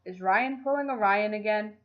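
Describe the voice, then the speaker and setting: A weary, exasperated male crew leader, as a woman reading a story puts him on, flat and clipped. His voice sits at a middling pitch on a dull, lo-fi recording. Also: normal speed, lightly acted.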